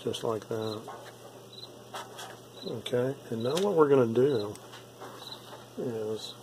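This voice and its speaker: A man giving a relaxed, step-by-step painting tutorial, repeating himself and checking in with "okay?" often. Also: medium pitch, takes it slowly, noisy background. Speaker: miniature painting instructor.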